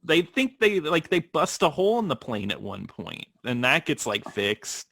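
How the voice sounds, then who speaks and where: A man co-hosting a film podcast in casual chat, laughing often and talking in an animated way. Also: fairly high pitch, moderate pace, creaky, no room sound, clean studio sound. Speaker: podcast co-host.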